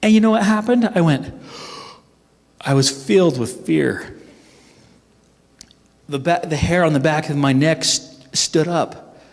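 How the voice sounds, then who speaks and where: A middle-aged man telling a funny personal story at a team training, animated and self-mocking. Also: on the high side, slow pace, vocal fry, pauses often. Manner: animated, humorous, acts out his own panicked voice. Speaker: speaker at a sales team training. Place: event hall. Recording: echoey hall reverb.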